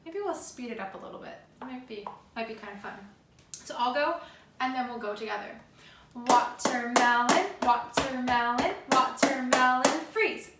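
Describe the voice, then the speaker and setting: A woman's voice: fairly high pitch, expressive, a little fast. A woman teaching a remote music lesson to elementary children, speaking in an upbeat, encouraging way and chanting rhythms aloud. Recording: roomy, distant, noisy home video.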